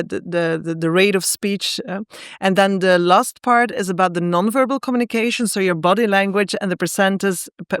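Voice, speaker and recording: A woman guest author explaining ideas in a podcast interview, halting often with fillers and restarts. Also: medium pitch, smooth, no echo, studio quality. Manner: hesitant, lots of fillers and restarts.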